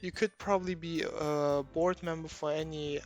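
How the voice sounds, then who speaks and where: A man's voice: fairly high pitch, steady tone, normal speed, faint music behind, natural voice. A man reading the lines of a cheerful teenage girl who presides over a school club. He rolls his R's and keeps the tone friendly and encouraging.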